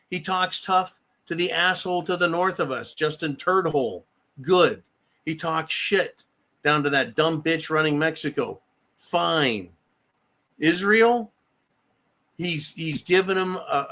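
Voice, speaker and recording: A man's voice: on the high side, pushed and bright. A man hosting a political livestream, ranting angrily and bluntly with lots of profanity. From United States. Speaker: political commentary host reading viewer comments.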